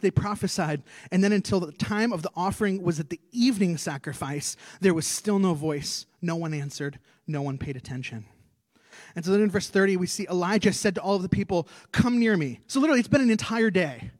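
Animated high-voiced male preacher. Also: fairly quick, dry recording. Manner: animated storytelling, acting out scripture. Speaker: pastor. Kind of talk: sermon. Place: church stage.

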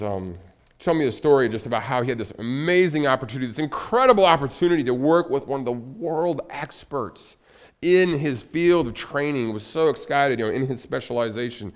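Male pastor, sermon, chatty storytelling, restarts, quiet low passages, mid-pitched voice. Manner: conversational storytelling with many restarts; drops to a soft, low voice for heavy moments. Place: church sanctuary.

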